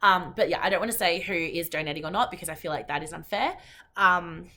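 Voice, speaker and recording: A woman's voice: on the low side, quick pace, sharp tone, slight background noise. A woman in her late twenties with an Australian accent, hosting a podcast in casual, earnest chat full of ums and restarts. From Perth, Western Australia. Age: 20s. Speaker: podcast host.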